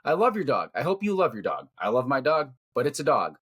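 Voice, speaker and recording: A man's voice: medium pitch, huge pitch swings, brisk, a bit bright, breathy edge. A middle-aged man co-hosting a podcast, ranting bluntly and profanely about his opinions in casual talk. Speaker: podcast co-host. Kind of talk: casual rant.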